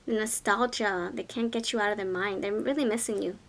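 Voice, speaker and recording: A woman's voice: mid-range voice, fairly even intonation, fairly quick. A woman giving a pick-a-card tarot reading, talking in an effusive, exclaiming way and often repeating her words. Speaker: tarot reader.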